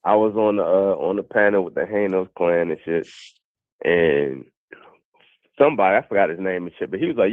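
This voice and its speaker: A blunt, swearing man calls in to argue about boxing. His voice sits low and comes through a thin, phone-like line with no room sound. He keeps talking over the hosts. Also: animated, a little fast, no room sound. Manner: blunt, profane, talks over others. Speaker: caller on a boxing show. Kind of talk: casual boxing debate. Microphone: phone call. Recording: dry tinny phone line.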